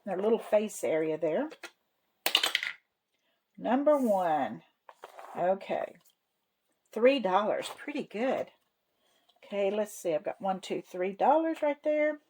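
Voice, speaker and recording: A woman's voice: mid-range voice, expressive, slow pace, long pauses, dark tone, slight background noise, poor audio. A woman hosting a savings vlog, chatting in a folksy, homey way and counting money aloud to herself. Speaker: savings channel host. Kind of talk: casual cash-stuffing vlog narration.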